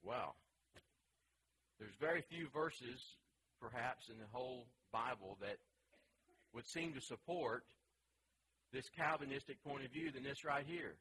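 A man leads a Bible study, reading passages aloud and then working through them with a string of questions to his class. His voice is bright and forward, set at a middling pitch for a man. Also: a little slow, long pauses, slight background noise, poor audio.

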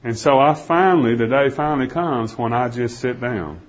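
Preaching at a moderate, animated pace, a man tells a dramatic first-person story in a middle-pitched voice, swinging from loud pleading to hushed, almost whispered lines. The recording is dull and lo-fi.

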